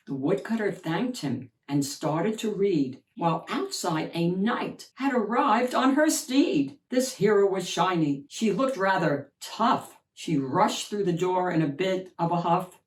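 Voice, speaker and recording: Expressive woman reading a picture book aloud. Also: fairly low pitch, slow pace, hardly any pauses, far from the mic. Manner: expressive rhyming delivery. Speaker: children's book reader. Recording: roomy echo, mic set back.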